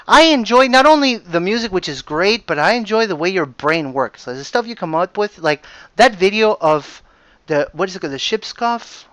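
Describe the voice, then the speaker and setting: A man hosting a casual podcast chat, animated and enthusiastic, laughing often. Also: sits high, moderate pace, no room sound. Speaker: podcast host.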